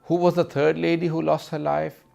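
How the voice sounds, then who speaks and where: Gravelly man telling a mournful sermon. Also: fairly high pitch, flat delivery, normal speed, darkish tone, soft background music. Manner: grieving, lamenting recital. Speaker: speaker.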